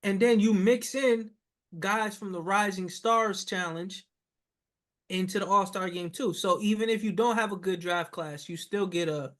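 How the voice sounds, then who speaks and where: A man co-hosting a casual podcast, talking loudly and bluntly with profane banter. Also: high-pitched, unhurried. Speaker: podcast co-host.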